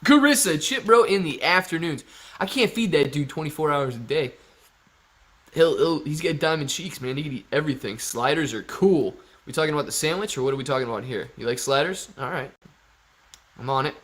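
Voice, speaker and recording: A man's voice: on the high side, expressive, fairly quick. A man hosting a casual live stream, reading out viewer comments and greeting people by name in an upbeat way. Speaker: livestream host.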